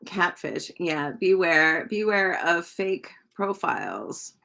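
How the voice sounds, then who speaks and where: Chatty woman tarot reader on a live stream, low-pitched with a gravelly edge, talking to viewers. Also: sing-song, bright, forceful tone. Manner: chatty, reads out viewer comments and answers them; slow and drawn-out with many ums.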